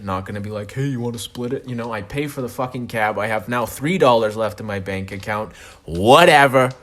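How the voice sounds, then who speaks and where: A man's voice: mid-range voice, a bit bright. A man hosting a podcast, telling a comic story in a profane, self-mocking monologue. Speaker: podcast host.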